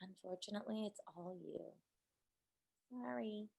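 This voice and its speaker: A woman's voice: mid-range voice, a little slow, gravelly, a little mellow. A woman co-hosting a casual podcast recap, laughing often and acting out quotes. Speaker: podcast co-host.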